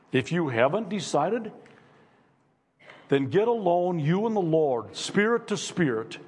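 A man's voice: on the high side, darkish tone, slightly rough, big-room sound. A man preaching a sermon as pastor in a church, earnest and insistent, asking his listeners repeated rhetorical questions. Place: church sanctuary.

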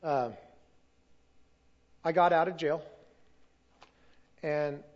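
Earnest man sharing his testimony, slightly high. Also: fairly even intonation, drawn-out words, highs cut off. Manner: earnest and emotional, sometimes loses his place. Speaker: church testimony speaker. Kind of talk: personal testimony at a church service.

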